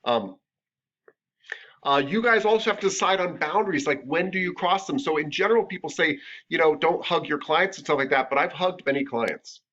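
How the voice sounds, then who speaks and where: A man's voice: on the high side, lively intonation, moderate pace, a bit bright. A man teaching a massage therapy class in a casual, joking, conversational lecture. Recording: dull lo-fi lecture recording.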